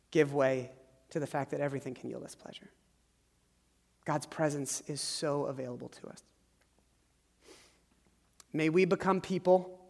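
A man's voice: fairly high pitch, darkish tone. A male pastor preaching a sermon, reading a story aloud in an earnest, emphatic way and leading a prayer. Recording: reverberant hall.

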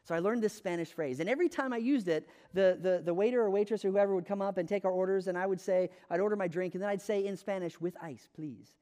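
A man's voice: sits high, fast, hardly any pauses, warm tone, in a large hall. An American man preaching a sermon in a conversational, self-deprecating storytelling way, with frequent fillers. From United States.

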